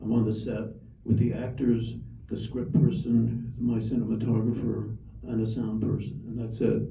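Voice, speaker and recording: Older toronto guy over a tinny phone line, distant and roomy, talks slow and wry, lots of restarts. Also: lowish voice, level tone, creaky, warm tone, slight background noise. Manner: measured, thoughtful, wry, frequent restarts. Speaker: film director. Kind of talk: interview answers.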